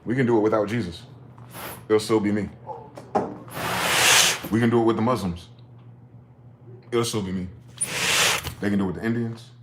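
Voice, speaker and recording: A man talking in a rambling, profane late-night monologue, swinging from loud outbursts to low muttering. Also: steady tone, moderate pace, pauses often, reverberant, background noise. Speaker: vlogger.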